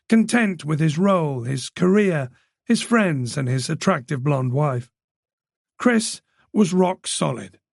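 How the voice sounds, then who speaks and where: A man narrating a crime thriller in a measured, even way. His voice sits a bit high for a man and has a gravelly texture. The recording is close and dry. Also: dry recording. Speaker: audiobook narrator. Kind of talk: scripted narration.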